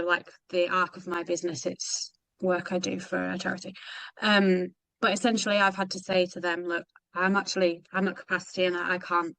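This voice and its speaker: An exhausted British woman sharing in a group coaching call, halting, rambling and self-deprecating. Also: mid-range voice, fairly bright tone, no room sound. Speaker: mentorship member.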